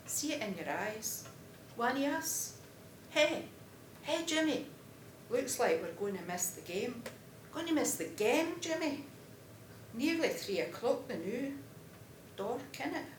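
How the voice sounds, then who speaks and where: A man's voice: extremely high pitch, very animated, unhurried, pauses often, voice pushed up, exaggerated voice. A woman voicing a cheeky, chatty working-class man from Glasgow in a Glaswegian accent, in coaxing, familiar banter. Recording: roomy hall with background noise.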